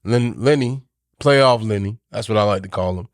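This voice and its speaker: A man's voice: fairly low pitch, normal speed, dry recording, clean studio sound. A man co-hosting a podcast in casual sports chat, rambling, restarting his sentences and often repeating himself. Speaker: podcast co-host.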